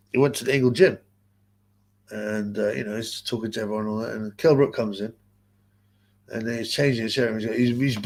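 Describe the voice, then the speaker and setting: Gravelly, rambling man on a livestream. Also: mid-range voice. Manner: rambling, crude and gossipy, with frequent fillers. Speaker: livestream host reading chat comments. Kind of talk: casual livestream chat.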